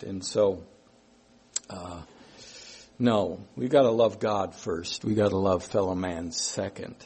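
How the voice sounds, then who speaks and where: Male preacher, husky, unhurried sermon delivery with emphatic repetition. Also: medium pitch, a little mellow. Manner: slow, emphatic, repeats key phrases.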